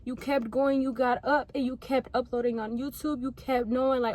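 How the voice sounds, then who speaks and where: A woman's voice: sits high, level tone, normal speed, darkish tone. An eighteen-year-old woman giving an earnest, emotional pep talk to camera from her parked car, swearing freely as she talks. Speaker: vlogger.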